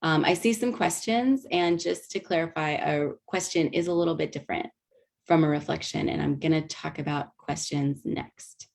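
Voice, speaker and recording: Low, gravelly-voiced woman teaching a webinar. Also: moderate pace. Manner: explanatory, frequent ums and restarts. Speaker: workshop presenter. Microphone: video call mic.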